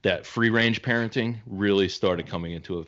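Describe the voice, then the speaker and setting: A man's voice: on the low side, moderate pace, a bit bright, dull audio. A man co-hosting a podcast, telling rambling, anecdotal stories in casual chat. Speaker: podcast co-host.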